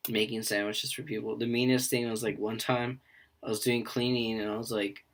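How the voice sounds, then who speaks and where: A young man co-hosting a podcast, chatting loosely and jumping in with quick jokes. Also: mid-range voice, flat delivery. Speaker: podcast co-host. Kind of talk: casual chat.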